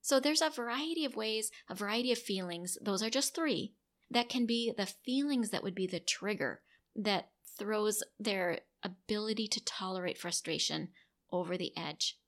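A middle-aged woman talks parents through coping tips at an unhurried, patient pace. Her voice sits at an ordinary middle pitch, and she slips into soft sample lines meant for a child. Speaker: parenting educator. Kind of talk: instructional talk to parents.

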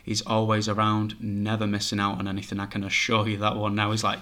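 A man's voice: lowish voice, steady tone, a little fast, bright, forceful tone. A man working as a psychic medium, talking chattily and reassuringly as he relays messages to a sitter. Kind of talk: reading for a sitter.

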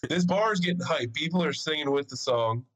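On a rough recording, a man with a fairly high voice speaks a little fast while co-hosting a podcast. He tells a story in casual, profane chat, animated throughout and acting out the quotes of what people said.

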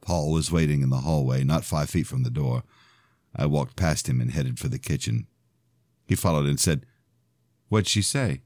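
A man narrating his own novel aloud in an expressive first-person telling. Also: very deep voice, normal speed, dry recording, clean studio sound. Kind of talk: audiobook-style fiction reading.

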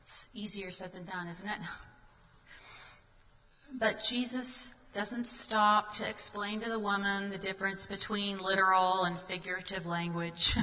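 A woman's voice: medium pitch, fairly even intonation, measured pace, pushed and bright, in a large hall, low-quality recording. A woman guest speaker giving a sermon, reading scripture aloud and asking the listeners earnest questions.

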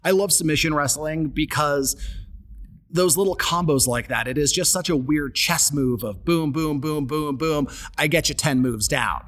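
A man hosting a podcast, telling a story in an animated, casual way with joking asides. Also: fairly high pitch, normal speed. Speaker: podcast host.

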